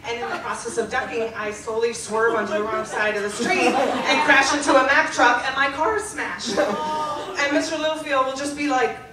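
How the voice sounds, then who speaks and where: High-voiced woman reading on stage. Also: moderate pace. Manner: animated, emphatic, breaking into laughter. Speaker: storyteller reading her teenage diary. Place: stage in front of a live audience. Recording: roomy live venue, distant mic, loud audience laughter. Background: loud crowd laughter and noise.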